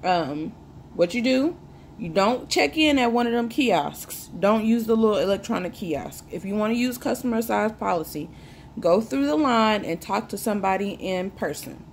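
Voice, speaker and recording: A young woman talks straight to her viewers in a loose, joking way. Her voice sits at a middle pitch, and a faint hum of room noise runs behind her. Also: animated, normal speed. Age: 20s. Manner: chatty, joking, sips a drink while talking. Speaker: vlogger. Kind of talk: casual chat to camera.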